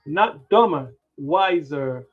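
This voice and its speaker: A man hosting a trading livestream, muttering to himself as he sets up his screen, tired and yawning, with sudden loud playful bursts. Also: fairly high pitch, lively intonation, slow pace. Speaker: livestream stock trading host. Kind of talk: rambling livestream chatter. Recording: dull lo-fi sound with faint music.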